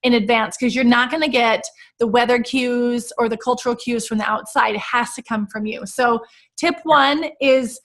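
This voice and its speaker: A woman from the United States hosting a casual chat, telling stories with animated emotion. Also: on the high side, moderate pace. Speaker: host.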